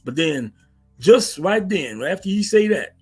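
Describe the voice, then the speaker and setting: A man hosting a casual, animated wrestling recap, stammering and repeating himself as he talks. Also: sits high, a little slow, breathy edge, soft background music. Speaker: wrestling commentary host.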